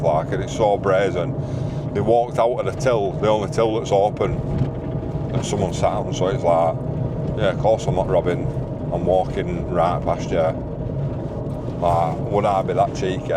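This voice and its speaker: Young guy, really deep voice, chatting a story by a busy road, cars loud behind. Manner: animated, slangy storytelling with put-on quoted voices. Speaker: vlogger. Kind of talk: casual storytelling. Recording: loud traffic noise outdoors.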